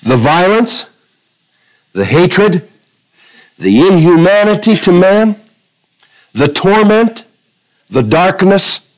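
A man preaching from the pulpit, his voice a touch higher than most men's. He tells stories, then slows to read scripture, stretching the key words for emphasis. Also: very animated, rough recording. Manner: preaching with illustrations, quoting scripture, varying pace. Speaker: pastor. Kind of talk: sermon.

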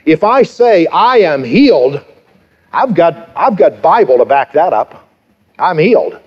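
A man's voice: a little high, big pitch swings, a little slow, slightly rough. A pastor in his fifties preaching a sermon, emphatic, with rhetorical questions and repeated phrases. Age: 50s. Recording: dull lo-fi sermon recording.

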